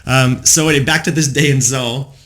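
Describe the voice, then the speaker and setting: A man's voice: medium pitch, steady tone, fairly quick, a bit bright. A man in his forties hosting a podcast, telling personal stories in a rambling, reflective monologue full of fillers. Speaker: podcast host.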